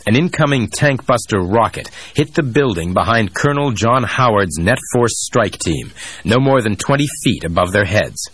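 A man narrating a thriller audiobook in a steady, even storytelling voice, recorded close on a studio mic. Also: on the low side, normal speed, husky, dry recording.

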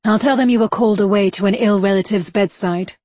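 A woman voicing a stern, urgent Victorian gentleman who talks in terse commands. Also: mid-range voice, steady tone, fairly quick, no echo, close to an everyday voice. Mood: commanding.

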